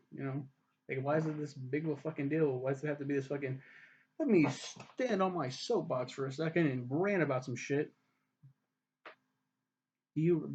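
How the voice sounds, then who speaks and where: A man's voice: a little high, darkish tone, slight background noise. Profane rambling male TV reviewer. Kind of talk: casual spoken review. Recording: dull lo-fi recording.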